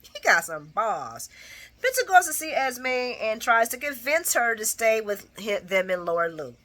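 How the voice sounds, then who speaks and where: A woman hosting a casual soap opera recap, animated and blunt, laughing often and acting out the characters' lines. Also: fairly high pitch, measured pace. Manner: blunt and profane. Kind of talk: casual spoken episode recap.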